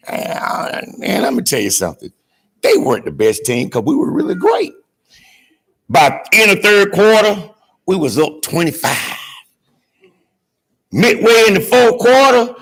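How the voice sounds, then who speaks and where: A man from Georgia, giving a graduation speech and telling an animated story, calling out to the audience to join in. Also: a little high, normal speed, vocal fry, pauses often, slightly rough. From Georgia, USA. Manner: call-and-response with the audience, dramatic swings from hushed to shouting. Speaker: graduation guest speaker.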